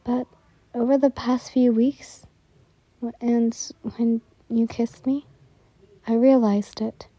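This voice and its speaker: A woman doing a poised, protective young heiress in whispered role-play. She speaks gently and politely, in a slightly high, dark, mellow tone, close and dry. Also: level tone, slow, pauses often, no room sound. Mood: tender. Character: poised wealthy young heroine, kind and protective.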